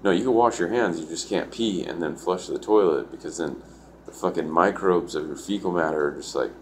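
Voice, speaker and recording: A man's voice: deep voice, fairly quick, slight background noise. A man telling a story in a rambling, casual way, filling his talk with "like" and swearing. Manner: rambling, full of "like" and profanity.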